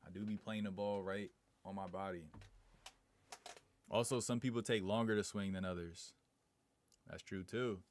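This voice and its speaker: Laid-back slangy man, lowish voice. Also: fairly even intonation, normal speed, pauses often. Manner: slangy, laid-back, reads chat aloud and answers it. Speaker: live streamer. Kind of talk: casual live stream chat.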